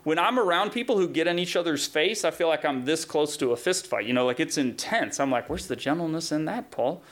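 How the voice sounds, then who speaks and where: A man preaching a sermon in a conversational, animated way, acting out quotes with sudden jumps in pitch. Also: brisk. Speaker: pastor.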